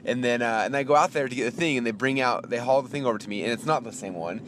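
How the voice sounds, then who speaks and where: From inside a car, with a noisy background behind him, a medium-pitched man hosts his podcast. He spins a ranting, casual monologue, acting out each side of the conversation, and grows fast and heated when exasperated.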